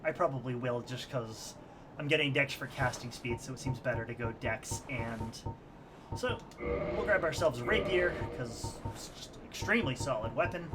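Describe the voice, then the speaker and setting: A woman's voice: a bass voice, moderate pace, music in the background. A woman streamer giving rambling, self-deprecating commentary while she plays a game, laughing often. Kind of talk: casual let's-play commentary.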